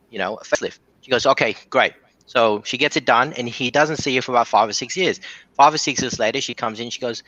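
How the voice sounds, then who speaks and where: Male caller, fast and bright, rambling joke teller, slightly dull dry line. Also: mid-range voice, no echo. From Australia. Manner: rambling storyteller, many restarts. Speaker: caller telling jokes. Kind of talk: casual joke telling on a call-in show.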